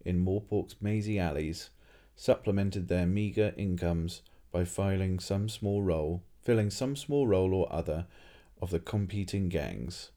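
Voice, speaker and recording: A man narrates a story aloud in a steady way, sometimes restarting a phrase. His voice is deep and mellow. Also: moderate pace, hardly any pauses. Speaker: reader.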